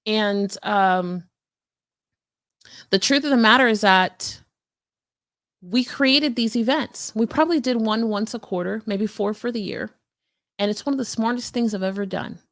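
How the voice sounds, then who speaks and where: Energetic woman founder, dry close mic. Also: mid-range voice, measured pace, long pauses, dry recording. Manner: energetic, conversational, many fillers and restarts. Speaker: business coach and company founder. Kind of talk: motivational business talk.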